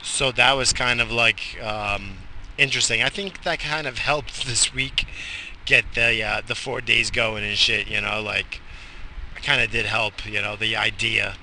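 A man's voice: lowish voice, fairly even intonation, a little slow, vocal fry, sharp tone, slight background noise. A tired man in his forties, hosting a podcast, rambling bluntly and profanely with a joking streak. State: exhausted. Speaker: podcast host. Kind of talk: crude rambling monologue.

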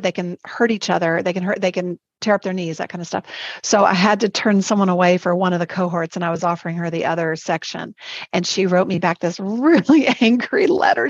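Podcast guest, female, animated storyteller with frequent laughter; muffled, dry recording. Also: medium pitch, dry recording. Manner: animated, laughs often, rushes through lists. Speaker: guest, spiritual life coach and Zumba instructor. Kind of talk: personal storytelling in a podcast interview.

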